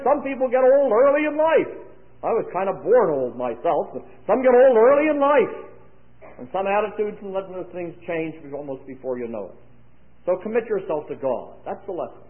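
A man preaching a sermon to young people at a conference, with dry humorous asides. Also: sits high. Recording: tinny lo-fi, phone-like sound.

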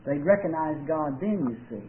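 A man preaching a sermon, telling folksy stories and drawing out key words with emphatic pauses. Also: on the high side, animated, a little hiss or hum. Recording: tinny old radio broadcast.

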